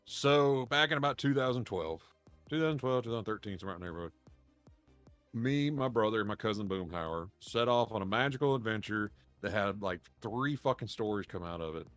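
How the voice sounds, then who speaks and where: A man's voice: on the low side, brisk, a bit bright. A man with a drawl tells a long, meandering story on a podcast. He swears freely, restarts his sentences and laughs at his own tale. Faint music sits in the background. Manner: rambling, profane, laughs while telling stories. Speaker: podcast co-host. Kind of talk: casual storytelling chat.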